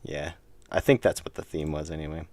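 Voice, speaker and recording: A man's voice: a bass voice, steady tone, fairly quick, darkish tone, a little hiss or hum. A man streaming his indie game work, chatting casually with viewers in a rambling, self-deprecating way while losing his voice. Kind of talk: casual live-stream chat.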